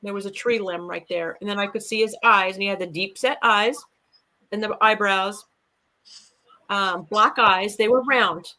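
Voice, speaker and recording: Brief: woman guest, mid-pitched, bright tone, rambling storyteller. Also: fairly even intonation, normal speed, rough recording. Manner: earnest, rambling, with fillers and restarts. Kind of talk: casual storytelling of an encounter.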